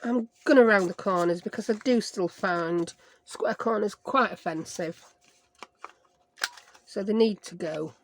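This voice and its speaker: A woman's voice: mid-range voice, unhurried, slight background noise. A woman with a Sheffield accent chatting her way through a craft project, rambling and joking at herself with playful made-up words. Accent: Sheffield English. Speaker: craft vlogger. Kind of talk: chatty craft-along narration.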